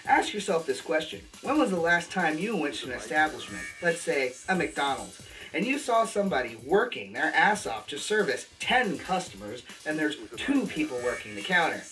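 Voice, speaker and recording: Guy vlogger ranting, pitch all over the place, kinda far from the mic, faint music. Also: big pitch swings, moderate pace, pushed and bright. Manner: emphatic, crude, preachy. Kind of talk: ranting monologue.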